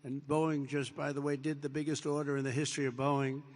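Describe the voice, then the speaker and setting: A man's voice: fairly high pitch, little pitch movement, fairly quick. An older man from the United States gives a rambling, off-the-cuff speech to troops, telling a story with many superlatives. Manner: meandering storytelling, repeats superlatives, acts out dialogue. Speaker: president addressing troops. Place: large air base venue. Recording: long reverb of a large hall.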